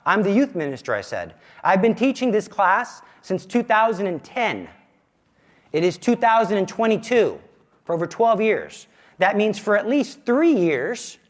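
A man in his thirties teaches a parish class as youth minister, talking in a conversational, self-deprecating way. His voice sits high and leaps around with lively inflection.

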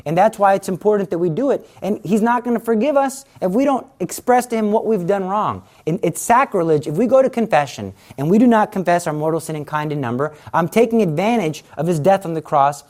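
A man's voice: high-pitched, a little mellow. A man giving a casual Catholic teaching talk, explaining confession in a conversational, earnest way and acting out everyday scenes. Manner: conversational, acts out everyday scenes in quoted voices; earnest, urging.

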